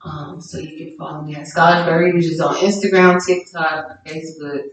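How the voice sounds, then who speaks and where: A woman's voice: deep voice, steady tone, moderate pace. A woman guest chatting casually on a podcast about her businesses, rambling with fillers and restarts. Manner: rambling, self-correcting with many fillers. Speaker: guest small-business owner. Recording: very echoey room, mic far off.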